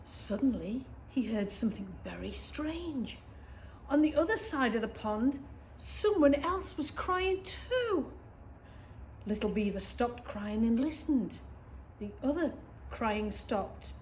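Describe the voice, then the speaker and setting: A middle-aged woman reading a picture book aloud to children, expressive, with gasps and asides to her young listeners. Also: a little high, a little slow, a little hiss or hum. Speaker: reader for schoolchildren.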